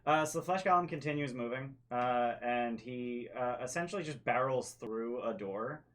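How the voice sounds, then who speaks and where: A man's voice: medium pitch, normal speed, fairly bright tone. A man acting as game master, describing scenes hesitantly and with many fillers. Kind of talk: running a tabletop game.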